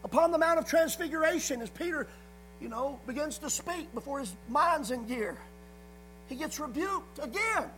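A man's voice: very high-pitched, animated, normal speed, bright, forceful tone, a little hiss or hum, rough recording. A man preaching a sermon, hammering points through repetition and punctuating them with frequent calls of "amen". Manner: repetitive emphatic phrasing, frequent "amen" call-outs.

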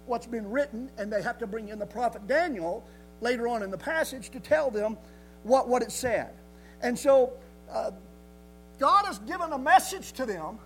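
A man preaching a sermon in a folksy, emphatic way, swinging from loud declarations to quiet asides. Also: extremely high pitch, slight background noise, poor audio.

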